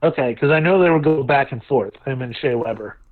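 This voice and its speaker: A woman's voice: a bass voice, brisk. A woman co-hosting a podcast in casual chat, teasing and swearing often. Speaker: podcast co-host. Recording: dull lo-fi sound.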